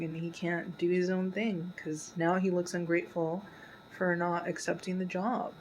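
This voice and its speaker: A woman hosting a casual reaction video, talking through an episode with many fillers and slipping into a soft whisper at sad parts. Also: fairly low pitch, flat delivery, measured pace, slight background noise, poor audio. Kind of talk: casual pause-and-talk commentary.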